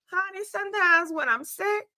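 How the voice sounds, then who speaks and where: High, bright chatty woman livestreaming while sick. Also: a little slow, dry recording. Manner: chatty, animated, laughs often, addresses viewers as y'all and honey. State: sick, congested throat. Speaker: livestream host. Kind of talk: casual livestream chat.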